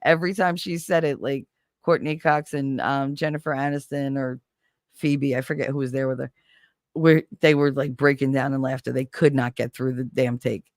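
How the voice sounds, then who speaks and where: A woman hosting a casual stream chat, telling stories in an animated way and laughing often. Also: very deep voice, moderate pace, dry recording, clean studio sound. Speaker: streamer host.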